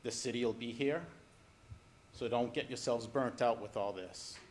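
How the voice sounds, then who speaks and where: A man's voice: medium pitch, moderate pace. A man, giving firm, advising public comment at a city council meeting, with faint room noise. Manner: firm, advising, then softly caring. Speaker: resident speaking at public comment.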